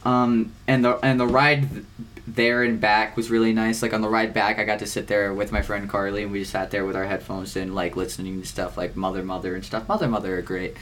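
A teenage boy co-hosting a podcast, rambling through his week in casual chat, swearing often and filling pauses with "um" and "like.". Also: lowish voice, flat delivery, a bit bright, slight background noise. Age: teens. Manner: rambling, swears a lot, many fillers. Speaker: podcast co-host.

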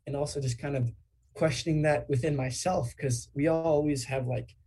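A man's voice: a little high, steady tone, normal speed, mellow, slightly rough. A young man on a podcast, talking things over in a reflective, rambling way with lots of fillers. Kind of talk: casual podcast chat.

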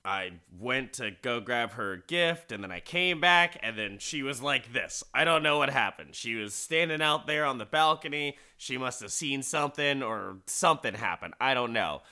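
Man playing a frazzled husband, anxious and rambling, bright and quick. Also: medium pitch, animated, clear, resonant tone. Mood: worried. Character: flustered, worried male husband.

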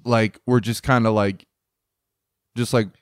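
A man's voice: fairly low pitch, steady tone, unhurried, no room sound, studio quality. A young man co-hosting a casual sports podcast, rambling with lots of fillers and laughing as he tells stories. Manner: rambling with many filler likes, laughs while telling. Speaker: podcast co-host.

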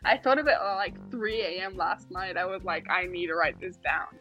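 A woman co-hosting a casual podcast, playful and animated, spinning little scenarios with quick restarts. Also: lowish voice, faint music behind, poor audio. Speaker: podcast co-host.

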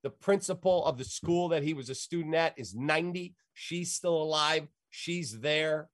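A man's voice: fairly high pitch, moderate pace, no echo, clean studio sound. A middle-aged man, a sports radio host, telling stories in an emphatic, rambling, folksy way. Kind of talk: animated storytelling in an interview.

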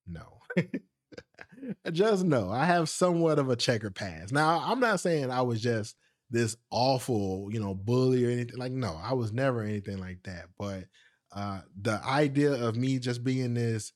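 Chatty male podcast host telling a story. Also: medium pitch. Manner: animated, laughs often, quick asides; speaks straight to listeners. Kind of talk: casual storytelling monologue.

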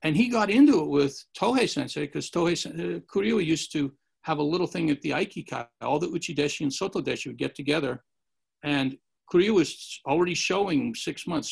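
A man's voice: fairly high pitch, brisk, creaky, slightly rough. A man telling rambling martial arts anecdotes in a casual chat, acting out the quotes. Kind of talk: casual storytelling.

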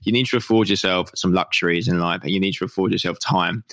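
A young British man rambles on his own podcast, hyped and swearing freely, with a slight lisp and a touch of whine. His voice sits low but sounds bright and forward. The recording is dry and close, with no room sound. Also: fast talker, no room sound. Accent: British English. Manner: excited and sweary, calls his own voice a bit whiny. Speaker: podcast host. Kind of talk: rambling solo podcast chat.

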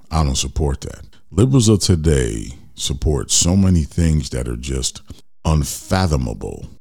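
Man, extremely low deep voice, blunt ranting podcast host, talks to folks. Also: vocal fry, mellow. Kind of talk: opinion talk monologue.

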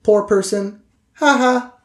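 A man doing a snippy, passive-aggressive woman, her voice pitched up high and loud, in a tabletop game. It rings in an echoey room. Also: slow pace.

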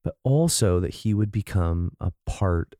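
A man's voice: sits low, lively intonation, a little slow, mellow, dry recording, studio quality. A man in casual, reflective conversation, talking in an earnest way.

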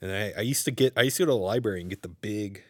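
A man's voice: lowish voice, racing, a bit bright, no room sound, clean studio sound. A man co-hosting a casual podcast, rambling through his thoughts with frequent laughs and trailing off. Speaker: podcast co-host. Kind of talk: casual chat.

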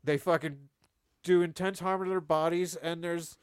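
Man, podcast co-host, crude jokes, stammery restarts, dry close sound, slightly high voice. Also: fairly even intonation, moderate pace, clean tone, no room sound. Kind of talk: casual podcast banter.

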